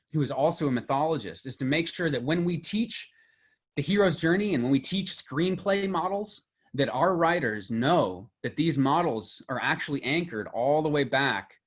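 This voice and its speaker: A man's voice: mid-range voice, a bit bright, slightly rough. A man, a mythology and film teacher, lecturing to a class with enthusiasm, thinking aloud with fillers and restarts.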